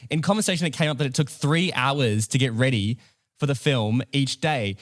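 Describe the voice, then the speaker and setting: A young man with a New Zealand accent, co-hosting a podcast from a home studio. He tells stories in a relaxed, chatty manner at a middle pitch. The sound is close and dry. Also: moderate pace, dry recording. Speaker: podcast co-host. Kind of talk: casual chat.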